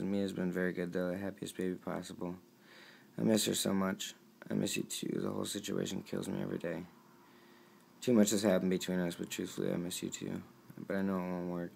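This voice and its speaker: A young man with a deep, heavily gravelly voice reads his text messages aloud. He sounds earnest and pleading, and keeps his voice quiet and downcast. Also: a little hiss or hum. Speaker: vlogger.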